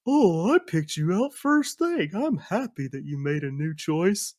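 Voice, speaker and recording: A man voicing a jolly, buddy-like male bear spirit in a tabletop game, loud and laughing. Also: sing-song, measured pace, dry recording, studio quality. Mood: happy. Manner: loud, laughing, high cartoonish voice.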